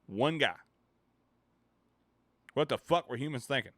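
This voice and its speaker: A man streamer ranting in casual chat, animated, swearing and laughing between points. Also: mid-range voice, unhurried, no echo. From United States.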